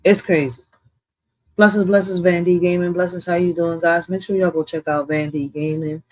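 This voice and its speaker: A loose, rambling reaction-video host from Puerto Rico who repeats phrases and keeps jumping between loud outbursts and quiet asides. The voice sits in a middle register. It is recorded close and dry, with no room sound. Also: mid-range voice, little pitch movement, normal speed, dry recording, rough recording. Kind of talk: casual commentary.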